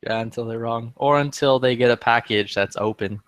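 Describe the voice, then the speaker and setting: A man's voice: mid-range voice, normal speed, smooth, dry recording. Profane man telling a heated story. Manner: profane, heated, animated retelling with quoted dialogue. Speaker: podcast regular. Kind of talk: casual chat, storytelling.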